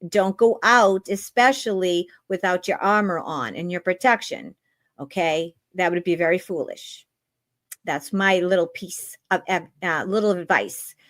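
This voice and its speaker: A woman's voice: lowish voice, measured pace, fairly bright tone, dry recording. A woman hosting a spiritual talk show, giving earnest warnings and advice. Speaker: host, spiritual reader.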